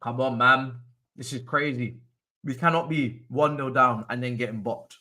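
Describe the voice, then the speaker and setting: A young man hosting a live football watchalong, reacting to the match as an excitable, frustrated fan who rants and swears. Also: mid-range voice, moderate pace.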